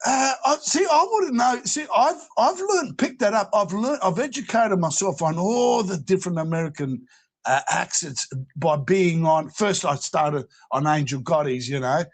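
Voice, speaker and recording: Aussie guy, pretty high voice, rambly chat full of laughs and restarts. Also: lively intonation, moderate pace. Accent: Australian. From Australia. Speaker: panel guest. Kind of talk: casual chat.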